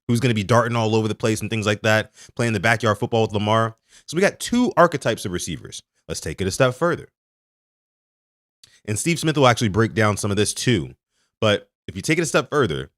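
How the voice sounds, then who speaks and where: A man hosting a sports podcast, talking to his live chat in an animated way and stressing key words. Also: medium pitch, no echo, studio quality. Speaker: podcast host.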